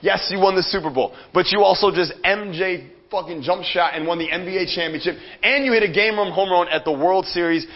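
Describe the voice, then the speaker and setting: A man giving a live motivational seminar talk, energetic and profane, speaking straight to the audience in the room. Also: sits high, fairly quick, hardly any pauses. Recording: dull lo-fi sound.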